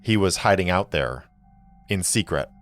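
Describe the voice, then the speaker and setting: A man voicing an earnest young woman who explains plans in quick rushes. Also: deep voice, lively intonation, a bit bright, soft background music. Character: earnest young woman, niece, plotting ally.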